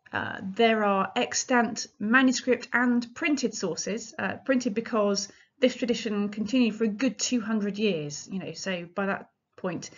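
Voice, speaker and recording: A woman's voice: mid-range voice, dull audio. A woman giving an illustrated lecture on medieval music, explaining in a chatty way with frequent ums and restarts.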